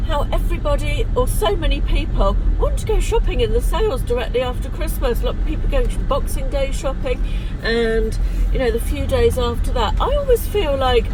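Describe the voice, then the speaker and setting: A woman, talking chattily and rambling through a casual vlog with many pauses. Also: fairly high pitch, background noise. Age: 50s. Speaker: lifestyle vlogger. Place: car, then at home.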